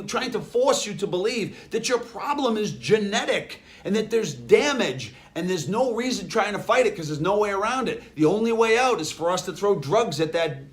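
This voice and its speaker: A man with a Boston accent giving an emphatic health lecture, firing off rhetorical questions. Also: high-pitched. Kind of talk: lecture to an audience.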